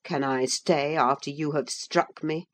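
A woman voicing a gentle, easily shocked young gentleman in an audiobook reading, speaking in a subdued, quiet way. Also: deep voice, steady tone, unhurried. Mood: hurt.

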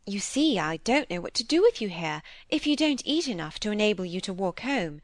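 A woman voicing a pretty young lady in mourning with a sweet, gentle, coaxing voice. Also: mid-range voice, big pitch swings, moderate pace, no room sound, lightly acted. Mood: petulant.

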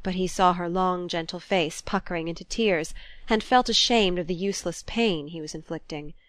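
A woman narrating a classic novel in an even, measured reading. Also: fairly low pitch. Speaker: audiobook narrator.

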